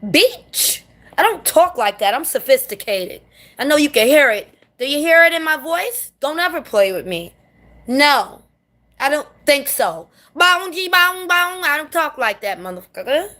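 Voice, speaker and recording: Sassy, high-voiced New woman ranting. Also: lively intonation, moderate pace, a bit bright. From New York City. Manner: blunt, sassy, swears freely. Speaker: vlogger. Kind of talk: casual ranting monologue.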